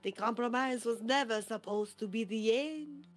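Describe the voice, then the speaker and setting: A man voicing an older male professor from a video game, reading the dialogue in a measured storyteller's way. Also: very high-pitched. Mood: reflective.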